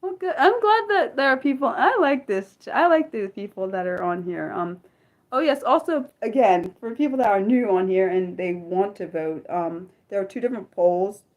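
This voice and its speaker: A woman's voice: mid-range voice, lively intonation, moderate pace. Woman chatting rambly on a livestream. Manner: rambling, thinks aloud, many restarts and fillers; talks directly to viewers and asks them questions. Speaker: livestream host answering viewer chat. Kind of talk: casual unscripted livestream chat.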